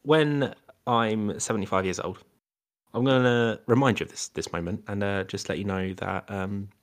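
A man's voice: on the low side, normal speed. Rambling, playful podcast co-host man. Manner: rambling, playful, full of fillers and restarts. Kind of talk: casual chat.

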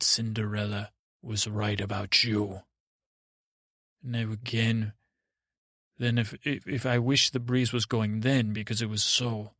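A man hosting a podcast, telling a meandering bedtime story in a halting, self-correcting way. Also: lowish voice, a bit bright, no room sound, clean studio sound.

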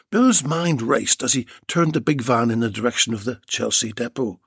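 A man's voice: medium pitch, moderate pace, gravelly, few pauses, a bit bright, husky, no room sound, clean studio sound. A man narrating a story chapter in a wry, dramatic reading style.

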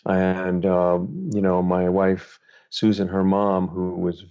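A middle-aged male author, a guest on an interview, telling a personal story in a gentle, thoughtful, unhurried way. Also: low voice, smooth. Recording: slightly dull, lo-fi sound.

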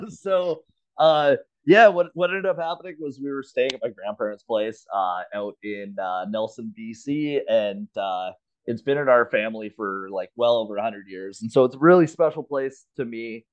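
A podcast co-host with a mid-range voice talks at a moderate pace from home over a remote call, the audio slightly dull and lo-fi. He tells a story in casual chat, swearing a lot and laughing throughout.

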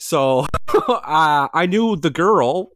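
A man's voice: a little high, animated, very slow, fairly bright tone, no echo, clean studio sound. A man in his forties, a podcast co-host telling a long, self-mocking story in a casual chat, with filler words and the odd swear. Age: 40s.

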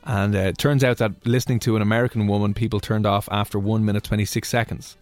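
A man from Ireland co-hosting a radio show, chatting casually and joking with quick asides. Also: on the low side, level tone, darkish tone, no room sound. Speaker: radio co-host. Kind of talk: casual chat.

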